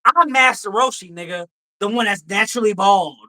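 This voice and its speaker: A drunk man hosting a casual stream, reading viewer comments and arguing loudly, profane and repetitive. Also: high voice, fairly quick, rough recording. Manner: loud, profane, argumentative, repetitive. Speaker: livestream host.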